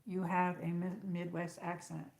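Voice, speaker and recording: A woman's voice: lowish voice, little pitch movement, unhurried, vocal fry, a little mellow, roomy sound. A woman with an upstate New York accent hosting a rambling, casual live chat and reading out viewer comments. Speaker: livestream host.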